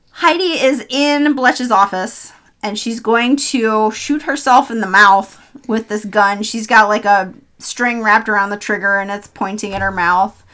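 A woman with a bright, fairly high voice tells a film's story in casual chat. She is animated and acts out what the characters say. Her recap bounces along like a story shared between friends.

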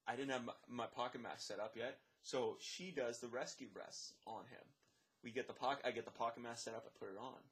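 A man who works as a lifeguard and swim instructor, telling a story in casual chat, animated, swearing, and acting out the dialogue. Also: medium pitch, a little fast. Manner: animated, swears, many fillers; acts out dialogue, drops to a whisper.

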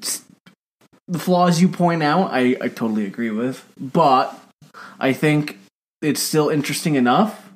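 A man's voice: fairly high pitch, measured pace. A man chatting casually on a film podcast, loose and profane, joking as he goes. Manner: loose and profane, acts out mocking quotes. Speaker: podcast co-host.

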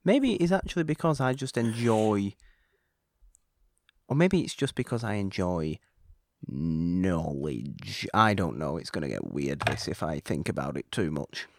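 Deep-voiced male podcast co-host, rambling and self-correcting, dry close mic. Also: expressive, measured pace, no room sound. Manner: rambling, restarts sentences, thinks aloud. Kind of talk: casual film discussion.

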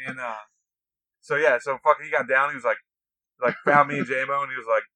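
A young man telling profane, animated stories in a casual chat. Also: medium pitch, fast talker, low-quality recording. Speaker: podcast co-host, navy veteran.

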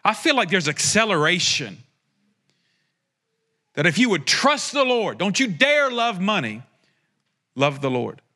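A man's voice: sing-song, measured pace, long pauses, bright, forceful tone. A man preaching a prophetic sermon, speaking directly to listeners with passion and joking asides. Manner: impassioned, joking asides, rising to a fervent pitch.

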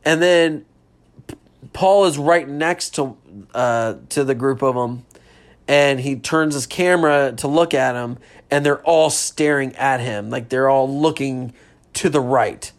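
A man tells a horror film's story in a loose, rambling way. He trips over his words, leans on fillers, and swears freely. His voice sits at a middle pitch for a man. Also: a little slow. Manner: rambling, filler-heavy retelling with frequent swearing and laughs. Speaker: podcast host reviewing a film. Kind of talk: casual film recap.

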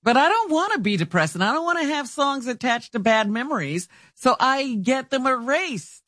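A woman's voice: high-pitched, sing-song, normal speed, a bit bright, no echo, clean studio sound. A woman co-hosting a radio talk show, chatting in a wry, conversational way. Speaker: radio co-host.

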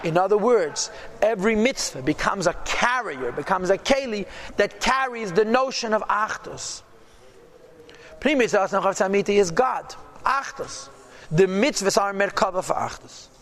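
A man with a high voice teaches a religious text, reading each phrase and translating it. He keeps checking in with "yeah?" and "right?" and answers his own rhetorical questions. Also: lively intonation, normal speed, a bit bright. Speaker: Torah teacher. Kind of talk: text-based religious class.

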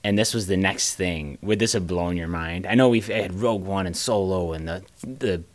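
A man's voice: low-pitched, normal speed. A man co-hosting a podcast, chatting casually and laughing often. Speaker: podcast co-host. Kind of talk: casual chat.

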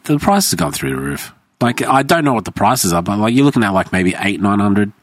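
Low-voiced Australian man, animated. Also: brisk, no room sound, studio quality. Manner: animated, laughs often, swears freely. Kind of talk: casual chat.

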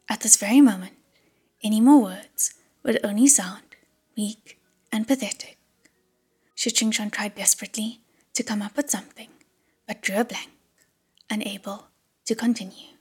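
A woman narrating an audiobook in a hushed whisper. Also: mid-range voice, fairly even intonation, moderate pace, long pauses, slightly rough, soft background music.

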